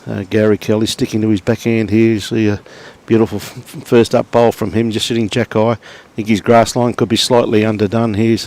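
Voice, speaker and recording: A man's voice: fairly low pitch, a little fast, few pauses. Laid-back Australian man calling bowls. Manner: relaxed, chatty, greets viewers by name. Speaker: lawn bowls commentator. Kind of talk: live sports commentary and chat to viewers.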